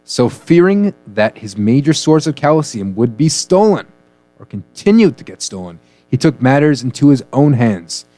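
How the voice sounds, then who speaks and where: A man's voice: medium pitch, sing-song, normal speed, mellow, dry recording, faint music behind. A man co-hosting a comedy news radio show, joking and punning through the stories. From United States. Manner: jokey, punning, playful delivery.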